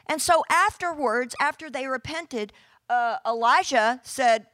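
A woman preaching a sermon, telling a Bible story with lively, casual storytelling and playfully acting out the characters in modern speech. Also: high voice, unhurried, dry recording, clean studio sound.

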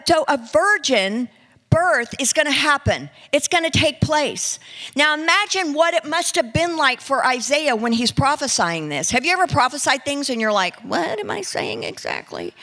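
A woman preaching a sermon, reading scripture slowly and talking with her listeners in a conversational way. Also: sits high, a bit bright. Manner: conversational, addresses listeners directly; reads scripture slowly and deliberately.

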